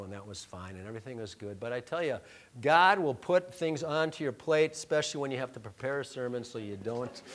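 A man preaching a sermon, telling a personal story in a conversational, joking way, dropping to soft murmurs and rising to loud emphatic lines. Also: a little high. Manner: conversational, self-deprecating, jokey asides. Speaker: pastor.

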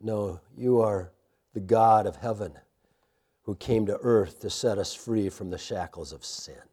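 A man preaching a sermon in a church sanctuary, with impassioned rises and a hushed closing prayer. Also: on the low side, measured pace, slightly rough. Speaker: pastor.

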